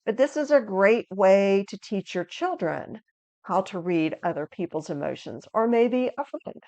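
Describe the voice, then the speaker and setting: A woman presenting a video lesson on understanding emotions, with an energetic, inviting teaching tone. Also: medium pitch, unhurried, no room sound. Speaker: resilience educator.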